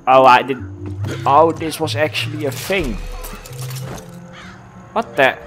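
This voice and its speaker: A man giving casual, excitable gameplay commentary, swearing and laughing often. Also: fairly high pitch, takes it slowly, pauses often, soft background music. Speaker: let's play gamer.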